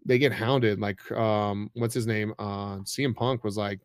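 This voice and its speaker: A man's voice: lowish voice, fairly even intonation, unhurried, hardly any pauses, clear, resonant tone, dry recording. Rambling casual podcast guy, dry sound. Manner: rambling, lots of fillers and "like". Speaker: podcast co-host. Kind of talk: casual chat.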